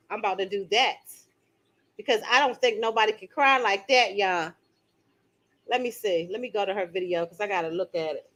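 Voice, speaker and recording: Bright-voiced woman hosting a live stream. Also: medium pitch, a little fast. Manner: animated, exclaiming, laughing often. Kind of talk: live stream commentary and chat with viewers.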